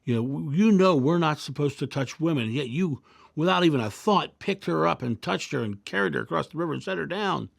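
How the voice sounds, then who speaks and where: A man's voice: on the high side, expressive, a little fast, gravelly, dry recording, studio quality, pitched above the performer's own voice, heavily acted. A man voicing an indignant young male student of a monk, scolding his master. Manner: outraged, scolding.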